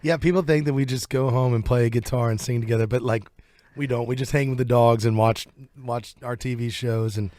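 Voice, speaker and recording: A man's voice: medium pitch, fairly quick, no echo. Laid-back man with a Southern drawl. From southern United States. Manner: relaxed, rambling, laughs easily. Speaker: country singer, interview guest. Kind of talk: casual interview chat. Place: radio studio.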